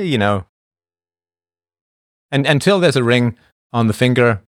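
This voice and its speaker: Chatting and laughing through a casual livestream, this middle-aged host answers viewers bluntly and often wanders off topic. He speaks at a medium pitch, recorded in clean studio sound with no room noise.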